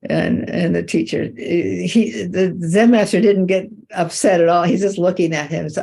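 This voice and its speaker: Gravelly-voiced woman telling a dharma story. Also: lowish voice, fairly even intonation, moderate pace, hardly any pauses, mellow. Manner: loose, meandering retelling with many restarts. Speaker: Zen teacher.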